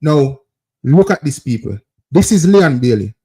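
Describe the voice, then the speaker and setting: A man's voice: on the high side, very animated, measured pace, mellow, slightly rough. Jamaican guy hosting a footy call-in, keeps saying look at this, pushy and repetitive. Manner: repetitive, insistent, keeps addressing viewers as people. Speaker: host of a football call-in show. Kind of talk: football tactics breakdown over game footage.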